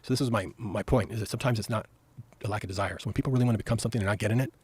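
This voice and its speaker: Fast-talking husky middle-aged man. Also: fairly low pitch. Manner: animated, emphatic storytelling. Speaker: podcast guest. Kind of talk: storytelling conversation.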